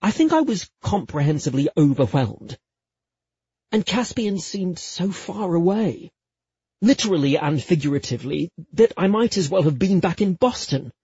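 Male audiobook narrator, first-person romance, mellow tone with a lively, wide-ranging delivery, slightly dull recording. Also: on the high side, breathy edge, no echo. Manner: lively, expressive and playfully self-mocking.

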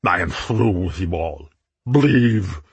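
A man's voice: low voice, animated, takes it slowly, husky, no echo, exaggerated voice. A man doing a pompous, gluttonous villain lord. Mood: menacing. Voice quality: pompous, menacing. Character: pompous gluttonous male warlord, cruel.

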